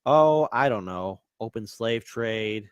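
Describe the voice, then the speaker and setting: A man co-hosting a political show, talking in a measured way with sarcastic asides. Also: on the low side, lively intonation, clear, resonant tone, no echo. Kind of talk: casual political discussion.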